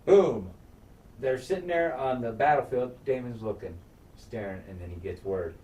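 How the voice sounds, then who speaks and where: A man in relaxed podcast chat, retelling a TV episode with swearing and sound effects. He is recorded from a distance in an echoey room with a faint hiss behind him. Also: medium pitch, moderate pace. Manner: excited, swearing, acts out scenes with sound effects. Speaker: podcast co-host. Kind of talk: casual chat recapping a TV episode.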